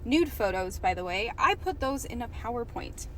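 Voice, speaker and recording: A woman's voice: on the high side, expressive, normal speed, fairly bright tone, a little hiss or hum. A woman telling a personal story in a casual, dramatic and sarcastic way.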